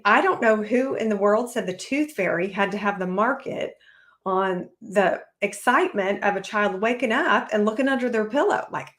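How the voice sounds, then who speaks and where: A woman in her forties with a slightly higher voice talks on a solo podcast. She is lively and expressive, and she slips into playful voices when she quotes children. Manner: animated, acts out kids' voices. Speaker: podcast host. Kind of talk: solo podcast talk to parents.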